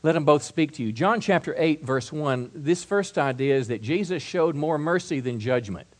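A middle-aged man preaching a sermon, stumbling and repeating words, swinging from soft asides to loud build-ups. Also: a little high, animated, normal speed. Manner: repeats words and restarts, acts out quoted voices. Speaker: pastor.

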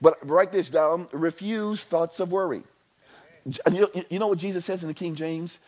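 A man with a high, bright-sounding voice preaches a sermon in a church. He repeats himself for emphasis and drops into chatty asides. Then he builds up to near-shouting. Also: moderate pace. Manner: animated, swinging from soft to near-shouting. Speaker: pastor.

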